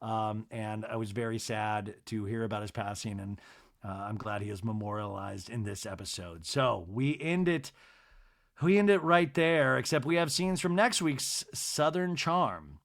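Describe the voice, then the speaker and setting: A man hosting a podcast, recapping a reality TV episode solo with an animated, storytelling delivery. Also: on the low side, unhurried. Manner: animated retelling, acting out cast members' lines in put-on voices. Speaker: podcast host.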